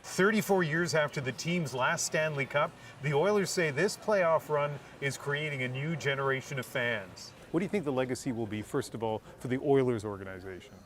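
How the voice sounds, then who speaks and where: A male news anchor with a bright, forceful voice presents live from an outdoor city plaza. His delivery is clear and measured, and faint background noise sits under his voice. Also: mid-range voice. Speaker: news anchor reporting on location.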